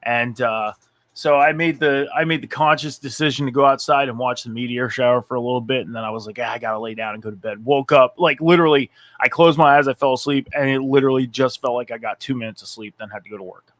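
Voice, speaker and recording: Male co-host, mid-pitch, dry close sound, tired and blunt, swears casually. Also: fast talker, a bit bright, dry recording. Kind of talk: casual chat.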